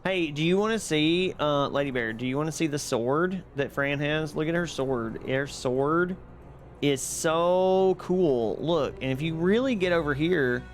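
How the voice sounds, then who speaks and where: A man streaming live, chatting casually and excitably with his viewers while playing a game. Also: fairly high pitch, moderate pace, hardly any pauses, faint music behind. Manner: excitable, chatty, reads and answers chat.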